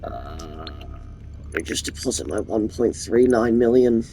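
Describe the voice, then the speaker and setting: A man's voice: on the low side, animated, measured pace, gravelly, warm tone, slight background noise, low-quality recording. A young man with a cold, rambling and swearing casually as he comments over his gameplay. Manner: rambling, profane, offhand. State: sick. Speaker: gaming YouTuber.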